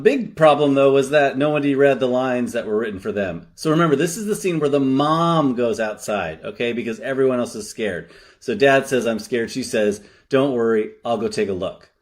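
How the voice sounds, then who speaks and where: A man's voice: medium pitch, natural voice. A man playing a frustrated director who scolds AI actors with sarcastic commentary. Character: exasperated director of an AI horror shoot.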